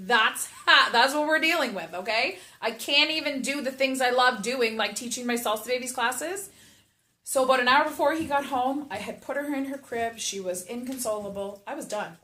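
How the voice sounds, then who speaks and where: A woman's voice: a little high, bright, forceful tone. A woman who teaches classes for mothers and babies, frankly and emotionally telling her own story and repeating short phrases for emphasis. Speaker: mother and baby class instructor. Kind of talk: candid personal storytelling to camera. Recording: roomy echo.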